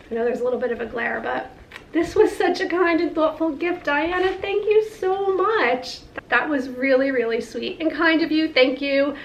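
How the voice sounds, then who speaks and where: A woman's voice: high voice, vocal fry, a little hiss or hum. A woman in her forties vlogging casually as she opens gifts, gushing and laughing often. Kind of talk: casual vlog, opening gifts. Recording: echoey room with faint ambience.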